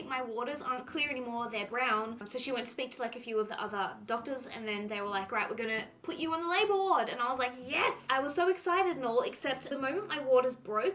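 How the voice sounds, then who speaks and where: A young woman with a lilt, her voice sitting a touch higher than most, chats to her viewers in an easy storytelling vlog. She scatters "like" through every sentence and slips into quoting herself as she goes. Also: fairly bright tone. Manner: chatty, heavy use of "like", acts out her own past lines. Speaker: vlogger. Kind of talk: casual storytelling to camera.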